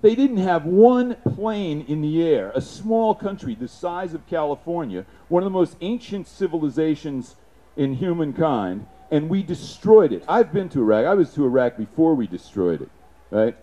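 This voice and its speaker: A man giving an impassioned, profane public speech, punctuated with shouted sound effects. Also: on the high side, sing-song, normal speed.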